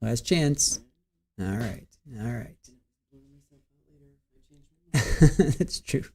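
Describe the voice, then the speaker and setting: A man's voice: medium pitch, lively intonation, extremely slow, a little mellow, slightly rough. A man in his forties hosting a casual livestream, rambling, stumbling over words and reading viewer comments aloud. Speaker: livestream host.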